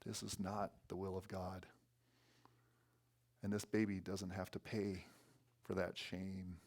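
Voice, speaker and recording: Guy giving a sermon in church, kinda low voice, earnest, gets fired up. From North Dakota. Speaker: guest preacher. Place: church sanctuary.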